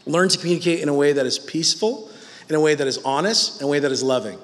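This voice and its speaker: A man's voice: fairly high pitch, fast, fairly bright tone, big-room sound. A man in his thirties preaching in a humorous, self-mocking, conversational way. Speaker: pastor. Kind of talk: sermon.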